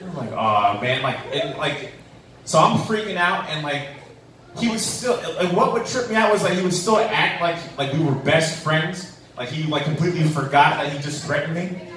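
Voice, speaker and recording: Young male stand-up with a slightly high voice, rambling and filler-heavy, heard from a distance in an echoey club with faint room noise. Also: moderate pace, a bit bright. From New Mexico, USA. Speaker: stand-up comedian. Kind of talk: stand-up comedy set. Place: comedy club stage.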